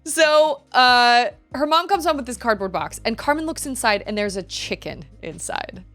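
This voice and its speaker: A woman livestreamer telling a story in a rambling, animated way, laughing often. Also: a little high, moderate pace, faint music behind.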